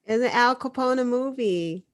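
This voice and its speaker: A woman with a Boston accent co-hosting an online news talk show, animated and laughing often. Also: fairly high pitch, normal speed. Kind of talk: casual chat.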